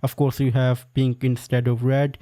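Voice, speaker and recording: A man giving casual, opinionated video commentary, full of "like" and quick asides. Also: mid-range voice, monotone, warm tone. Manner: opinionated, filler-heavy with frequent "like". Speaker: pop-culture commentator.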